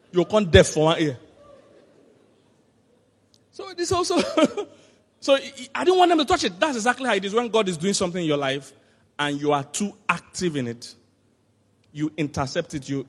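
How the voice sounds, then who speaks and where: A man preaching a sermon as pastor, telling animated stories with laughter and sudden shouts. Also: sits high, moderate pace, pauses often, husky. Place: church hall. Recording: long hall reverb.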